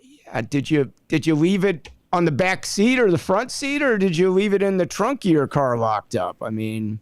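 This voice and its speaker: Lively-voiced man giving folksy tips. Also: on the high side, moderate pace, smooth, dry recording, studio quality. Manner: folksy, gives tips to listeners. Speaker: podcast co-host. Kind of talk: casual chat.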